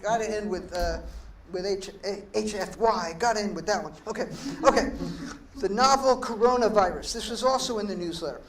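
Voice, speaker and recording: A man's voice: sits high, fairly quick, fairly bright tone. Middle-aged man rambling between poems. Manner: rambling, profane, self-deprecating asides. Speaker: poet and performer. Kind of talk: live spoken-word performance with banter. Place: art gallery, live performance. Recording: echoey room, distant mic, faint noise.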